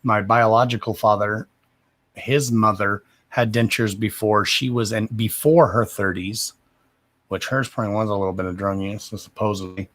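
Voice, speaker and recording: A man in his thirties with a somewhat low voice who mumbles his words. He talks in a loose, rambling, foul-mouthed way, like someone chatting live to viewers while reading cards. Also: steady tone, normal speed, a bit bright. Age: 30s. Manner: profane, rambling and self-deprecating. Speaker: card reader. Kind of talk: casual livestream chat.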